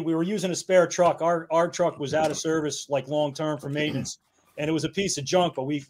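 A man's voice: on the high side, a little mellow. A man in his fifties, a guest on a podcast, telling rambling, laughing stories from his working years, with casual swearing. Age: 50s. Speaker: guest, battalion chief.

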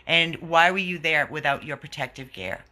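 A man's voice: fairly high pitch, animated, moderate pace, bright, forceful tone. A man who runs an animal rescue, giving an indignant, earnest video update to his followers.

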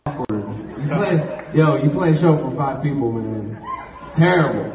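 A man's voice: fairly high pitch, expressive, a little slow, distant mic, background noise. A man with the hiccups joking loosely with his concert audience from the stage, laughing between sentences, heard through live concert audio. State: has the hiccups. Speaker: rapper addressing a concert crowd. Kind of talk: casual stage banter. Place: large concert venue, on stage. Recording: echoey live concert audio, loud crowd.

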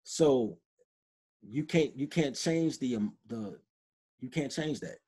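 A man's voice: medium pitch, takes it slowly, warm tone, slightly rough. A man from Chicago, a podcast guest, giving blunt, emphatic opinions in a casual, street-style way. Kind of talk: opinionated interview talk.

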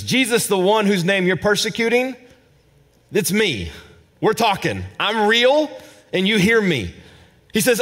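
A male pastor preaches to a responding congregation at a church service, his high, lively voice climbing and plunging dramatically. He swings between ringing, loud emphasis and hushed, low asides, speaking a little slowly with long pauses. At times he repeats a word while searching for the next phrase.

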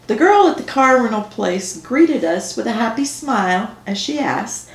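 A woman author reading her own novel aloud in first person, slow and measured. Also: fairly high pitch, sing-song, slight background noise. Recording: echoey room.

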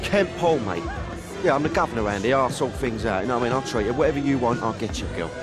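An actor playing a boastful, shifty English music manager in a video game cutscene, slangy and chattering. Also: male voice, mid-range voice, animated, fast talker, natural voice.

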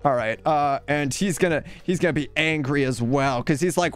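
A man's voice: on the high side, normal speed, clear, resonant tone, faint music behind. A man hosting a gaming video, chatting casually and narrating each stroke as he draws, with playful mock announcer bits. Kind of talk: casual commentary while drawing.

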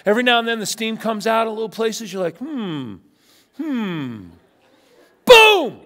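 A man's voice: sits high, normal speed. A middle-aged male pastor preaching a sermon, telling stories with animation and acting out quoted voices. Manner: animated storytelling, acts out quotes. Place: church sanctuary. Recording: long hall reverb.

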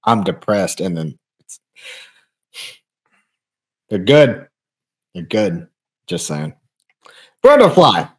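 A man's voice: deep voice, huge pitch swings, very slow, long pauses, slightly rough. A young man co-hosting a casual comedy podcast, bantering playfully and laughing often. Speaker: podcast co-host.

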